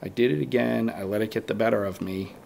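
A low, gravelly man's voice, rambling through a long story in a casual podcast chat. He keeps slipping into quoting his own past thoughts. A faint hiss sits under the recording. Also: steady tone, fast, darkish tone. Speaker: guest bowhunter.

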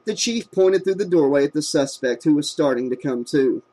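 A man narrating a horror novel in a steady, measured reading voice. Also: on the high side. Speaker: audiobook narrator. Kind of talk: scripted narration.

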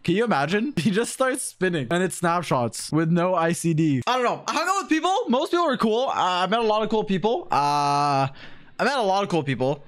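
A young man streaming games, chatting casually with his viewers, animated and quick to swear as he banters with chat. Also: high voice.

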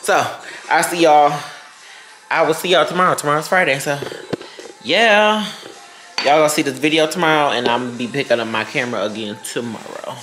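A man's voice: on the high side, fairly quick, bright, forceful tone, echoey room, slight background noise, low-quality recording. A man chatting casually to his viewers in an upbeat vlog, calling them y'all. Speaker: vlogger.

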